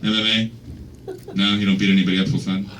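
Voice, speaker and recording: A man's voice: on the low side, flat delivery, fast talker. A man doing a stand-up set and teasing the crowd. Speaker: stand-up comedian. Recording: distant mic with faint noise.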